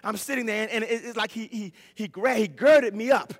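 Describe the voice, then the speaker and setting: A middle-aged man preaching a sermon with passion, swinging between shouts and hushed tones, often stumbling and restarting his words. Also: high voice, fairly quick. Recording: long church hall reverb.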